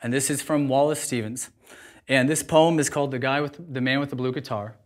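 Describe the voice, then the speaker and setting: A man's voice: medium pitch, steady tone, brisk. A man who owns a juice bar, talking informally and with energy to a live audience. He is candid and laughs at himself. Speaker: juice bar owner giving a talk.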